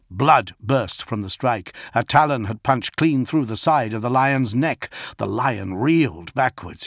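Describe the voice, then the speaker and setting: A man narrating a scripted audiobook in a measured, dramatic reading on a close mic. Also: medium pitch, a bit bright, breathy edge, dry recording.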